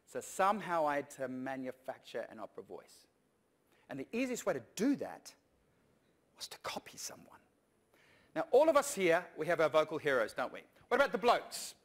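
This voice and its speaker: High-voiced man giving a keynote. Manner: lively, jokey, coaxing the audience. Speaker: conference speaker. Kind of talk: humorous keynote talk.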